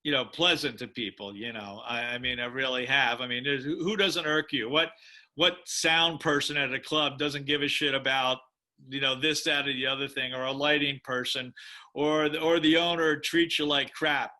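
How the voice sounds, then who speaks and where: Animated storytelling man with a bright voice. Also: mid-range voice, normal speed. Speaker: musician and drummer. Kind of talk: storytelling interview.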